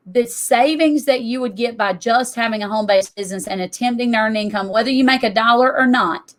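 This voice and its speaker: Middle-aged woman, a touch higher voice, emphatic and conversational; presenting to an audience. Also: a bit bright. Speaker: tax business owner.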